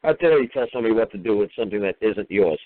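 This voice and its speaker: A man's voice: fairly low pitch, animated, rapid-fire, a little hiss or hum. Man, radio host, profane exasperated rant, tinny phone-line sound. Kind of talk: call-in radio talk.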